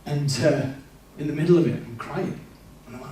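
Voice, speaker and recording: During a church service, this man candidly tells his life story and acts out his past words in a brisk, high-leaning voice with a darkish tone. A distant mic in the large, echoey hall also picks up a little hiss or hum.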